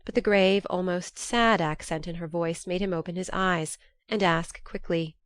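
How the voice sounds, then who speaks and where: A woman narrating a classic novel as an audiobook in a measured, even storytelling manner. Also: fairly low pitch, smooth, no room sound. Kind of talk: scripted narration.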